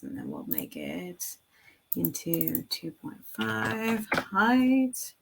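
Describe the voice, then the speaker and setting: A woman's voice: a little high, big pitch swings, very slow, creaky. A woman in her thirties chatting casually and rambling with laughs while making a craft design on screen. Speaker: craft video creator. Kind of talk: casual screen-recording chat.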